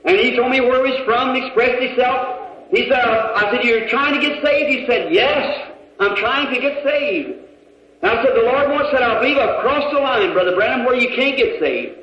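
A man preaching a sermon, retelling a conversation in a folksy way and breaking into shouts, recorded in a church hall. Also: extremely high pitch, brisk. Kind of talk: sermon storytelling. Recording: echoey, dull old hall recording.

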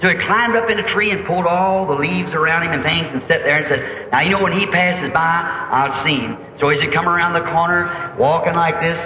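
A man preaching a sermon, telling a story and acting out its voices, sometimes rising to shouts. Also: fairly high pitch, fairly quick, hardly any pauses, slight background noise. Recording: echoey hall, dull lo-fi archive tape.

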